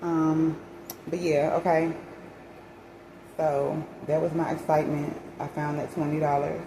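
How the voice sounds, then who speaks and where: Animated woman vlogger over background hiss. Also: deep voice, a little slow. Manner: animated, dramatic retelling with quoted voices and religious exclamations. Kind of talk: casual storytelling vlog.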